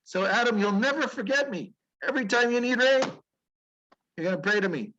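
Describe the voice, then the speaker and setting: A man's voice: very high voice, animated, fairly quick, bright, forceful tone, muffled recording, a little hiss or hum, voice pushed up, heavily acted. A man voicing God as a stern but caring deity who lectures and admonishes in an emphatic, repetitive way. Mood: earnest, admonishing. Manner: emphatic, scolding, pleading repetition. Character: God, stern yet caring, speaking to humans.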